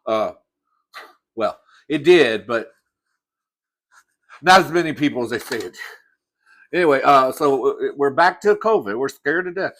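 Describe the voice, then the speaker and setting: Eating while he talks, a man hosting his own show delivers a sassy, profane comic rant to the camera and calls the listener "girl." His mid-range voice is a bit bright, with lively intonation, a slightly slow pace, and long pauses.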